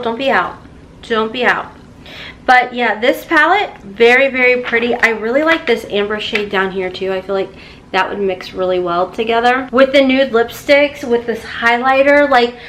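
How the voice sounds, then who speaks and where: A woman's voice: fairly high pitch, a bit bright, a little hiss or hum. A woman beauty vlogger chatting casually through an unboxing, gushing over products. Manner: chatty, gushing, talks to her cat in baby talk.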